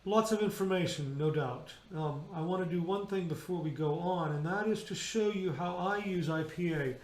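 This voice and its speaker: High-voiced man coaching choir diction. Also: moderate pace, a little mellow, echoey room. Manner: demonstrative, modeling vowel and consonant sounds aloud. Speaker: choir director. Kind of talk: rehearsal teaching on singing diction. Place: indoors, remote rehearsal video.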